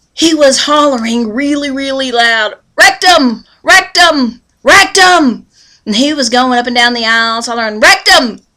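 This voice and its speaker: A woman's voice: fairly high pitch, sharp tone. A woman giving a devotional talk that mixes folksy storytelling with earnest preaching. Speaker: devotional speaker.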